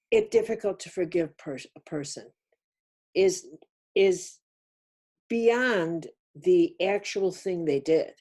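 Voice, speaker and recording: A woman's voice: lowish voice, mellow, breathy edge. An older woman giving a spiritual teaching talk on a webinar, emphatic and insistent, repeating key words. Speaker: speaker on a webinar.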